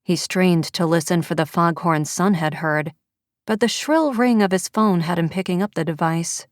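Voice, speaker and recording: A woman reads a suspense audiobook in a measured, even way. Her voice sits low, and the sound is dry and close with no room around it. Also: no room sound. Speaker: audiobook narrator. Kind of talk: scripted narration.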